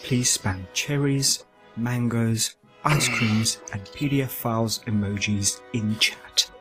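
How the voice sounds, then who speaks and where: A mid-pitched male narrator speaks with pompous, mock-formal grandeur and theatrical outrage. Faint music plays under him. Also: fairly even intonation, slow pace.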